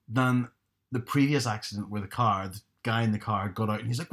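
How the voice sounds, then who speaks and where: A man's voice: on the low side, fairly quick, a bit bright. Rambling man chatting. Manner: rambling, self-correcting anecdotes. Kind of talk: casual chat.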